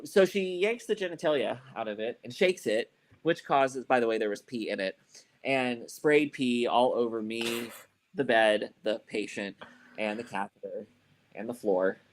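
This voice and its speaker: Speaking at a measured pace with a medium-pitched voice, a male podcast co-host recounts a story casually. His telling wanders and includes swearing, peppered with frequent "like" and "you know" fillers.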